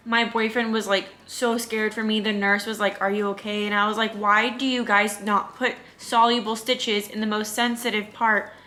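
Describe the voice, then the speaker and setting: A young woman vlogger telling her own story in a lively, indignant, casual way. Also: on the high side. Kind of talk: storytime vlog.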